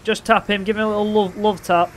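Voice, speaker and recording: A young man casually commentating his own racing game, playful and excitable, with loud bursts of trash talk. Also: high voice, fast talker, slight background noise. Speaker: gaming commentator.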